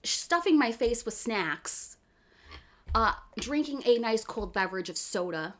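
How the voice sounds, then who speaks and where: A woman streamer from outside Philadelphia with a Philly accent, chatting casually with her viewers. She is animated and chatty, laughs often and keeps saying "okay.". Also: a little high, a little slow. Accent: Philadelphia area. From US East Coast, outside Philadelphia.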